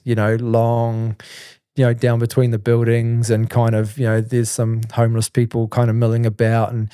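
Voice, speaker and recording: Mellow-voiced New man telling stories. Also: medium pitch, clean tone, no echo, clean studio sound. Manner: rambling, full of "like" and "you know". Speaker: podcast host. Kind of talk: casual storytelling.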